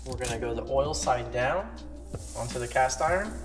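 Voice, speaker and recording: A man from Slovakia walks viewers through a recipe in an easygoing, chatty way. His mid-pitched voice rings in an echoey home kitchen. Music plays and dishes clink behind him. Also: normal speed. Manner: relaxed, talks viewers through each step. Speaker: cooking channel host. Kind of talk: casual cooking demonstration. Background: background music, clinking dishes.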